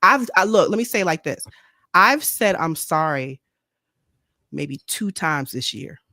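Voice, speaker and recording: A woman's voice: deep voice, expressive, a little slow, sharp tone, no echo, clean studio sound. A woman co-hosting a casual faith talk show, speaking bluntly and repeating her points. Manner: blunt, outspoken, repeats herself. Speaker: co-host. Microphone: streaming microphone.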